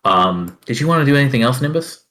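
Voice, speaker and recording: A man running a tabletop game as dungeon master, narrating slowly and carefully, with many fillers between phrases. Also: mid-range voice, expressive, a bit bright, rough recording.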